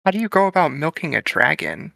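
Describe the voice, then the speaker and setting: A player voicing a blunt, rough-talking woman who swears freely. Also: mid-range voice, big pitch swings, fast, bright, forceful tone, dry recording, full character voice. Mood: curious.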